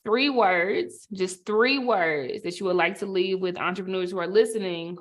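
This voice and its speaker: A woman moderating a virtual panel on a video call, gentle and affirming, speaking softly as she wraps up. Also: mid-range voice. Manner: gentle, affirming, soft-spoken.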